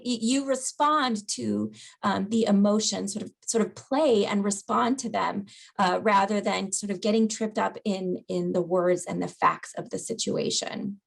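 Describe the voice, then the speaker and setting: A woman leads an online caregiving class in an easy, chatty teaching manner and keeps checking in with "right?". Her voice has heavy vocal fry and a husky edge. She speaks at a middle pitch over a video call. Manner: conversational, asks "right?" after points. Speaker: dementia educator. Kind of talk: webinar lecture.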